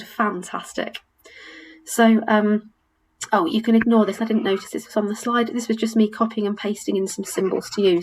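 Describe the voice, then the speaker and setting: A woman teacher giving a recorded webinar lesson over slides, upbeat and encouraging, slowly modelling sounds for learners. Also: mid-range voice, rough recording. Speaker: language teacher.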